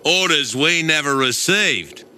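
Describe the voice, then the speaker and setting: A man's voice: a little high, animated, a little slow, sharp tone, slight background noise, pitched above the performer's own voice, exaggerated voice. A man doing a cocky Australian pilot. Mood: sardonic. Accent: put-on Australian. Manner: sardonic, exaggerated accent.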